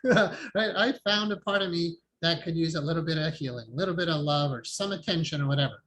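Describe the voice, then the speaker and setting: A man's voice: on the high side, fast, hardly any pauses, a little hiss or hum, poor audio. Man teaching meditation on a call. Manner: calm, conversational, laughs often. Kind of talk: online support group class. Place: home, online video call. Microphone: video call microphone.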